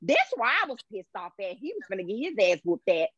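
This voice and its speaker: A middle-aged woman, a podcast co-host, telling an expressive story and acting out the voices in it. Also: mid-range voice, quick pace, husky, no echo. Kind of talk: animated storytelling. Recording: dull, lo-fi sound.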